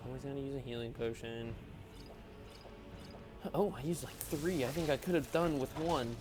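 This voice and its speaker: A young adult man giving casual, rambling, self-deprecating gameplay commentary while tired and yawning. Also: medium pitch. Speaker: gaming video host.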